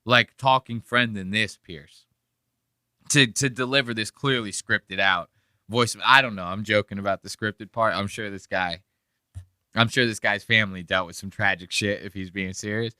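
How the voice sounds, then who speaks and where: Male podcast host, bright dry voice, loose and profane, rambling commentary. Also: on the low side, fairly even intonation, normal speed, no room sound. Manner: profane, rambling, laughing asides. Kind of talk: casual chat reacting to clips.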